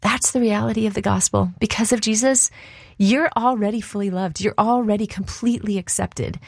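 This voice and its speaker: A woman's voice: mid-range voice, steady tone, a little fast, creaky, dry recording. A woman hosting a short radio devotional, speaking encouragingly and directly to the listener. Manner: warm, encouraging, direct address. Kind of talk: scripted devotional.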